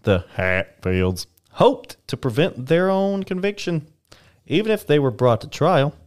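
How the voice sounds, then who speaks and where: Lively young man reading history aloud. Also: medium pitch. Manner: reads aloud with playful put-on voices and asides. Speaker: podcast co-host reading history. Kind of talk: casual history podcast reading.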